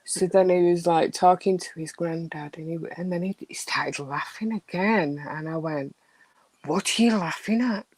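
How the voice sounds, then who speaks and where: A middle-aged woman, chatting casually and telling stories with animated, hushed asides. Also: on the low side, moderate pace, hardly any pauses, no room sound, rough recording. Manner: animated storyteller, drops to a hushed voice. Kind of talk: casual chat, storytelling.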